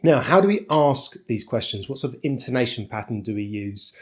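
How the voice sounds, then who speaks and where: This is a man with a British accent giving an online pronunciation lesson. His pitch sits in the middle but moves a lot, rising and falling with plenty of life. He explains clearly and deliberately, leaning into each intonation pattern. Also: animated. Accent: British English. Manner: clear, deliberate explaining with exaggerated rises and falls. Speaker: English pronunciation teacher.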